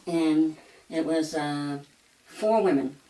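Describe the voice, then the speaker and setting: An older woman with a Southern American accent, telling a funny story in a slow drawl for her vlog. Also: deep voice, dark tone, reverberant, recorded from a distance, poor audio. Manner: slow, drawling, laughs through punchlines. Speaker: vlogger. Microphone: camcorder mic.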